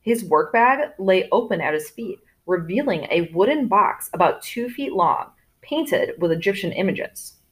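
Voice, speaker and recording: A woman narrating a story with animated, swooping intonation that rises and falls through every sentence. Her voice sits at an ordinary middle pitch, and her delivery is expressive, as if she is voicing characters in turn. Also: unhurried, hardly any pauses. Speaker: audiobook narrator.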